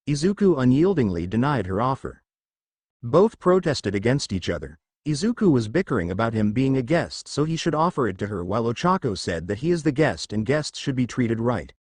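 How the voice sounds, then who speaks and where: Dude narrating fan fiction, plain storytelling, lively pitch, super dry sound. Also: male voice, brisk, no room sound.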